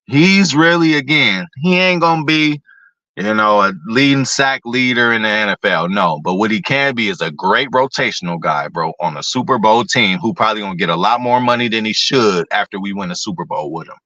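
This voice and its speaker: A man's voice: lowish voice, animated, normal speed, bright, forceful tone, no echo, lo-fi sound. Profane, rambling male sports fan host. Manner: talks to chat viewers by name. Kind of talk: casual sports talk.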